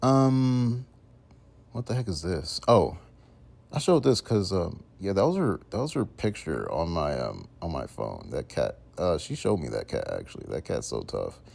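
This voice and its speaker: Low gravelly young man rambling. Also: big pitch swings, measured pace. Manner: rambling, full of fillers and "bro", drifting from mumbling to loud. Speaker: vlogger reading out chat messages. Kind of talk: casual rambling commentary.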